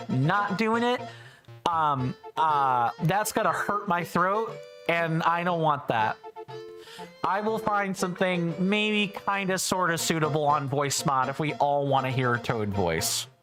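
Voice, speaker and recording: A woman streamer chatting casually and self-deprecatingly while she plays, often stumbling over words, with some phlegm in her throat. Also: on the low side. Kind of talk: casual live game commentary.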